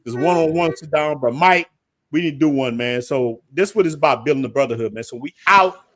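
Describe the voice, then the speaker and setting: A fairly high-pitched American man hosting a casual livestream, telling animated stories full of slang and quick laughs. His voice is dry and close, with no room sound around it. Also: no echo. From United States. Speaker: livestream host. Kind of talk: casual group chat on a livestream.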